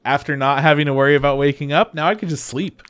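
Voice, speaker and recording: A man's voice: fairly high pitch, steady tone, fast, a bit bright, smooth. A man co-hosting a podcast in casual chat, laid-back and self-deprecating, with some swearing. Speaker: podcast co-host.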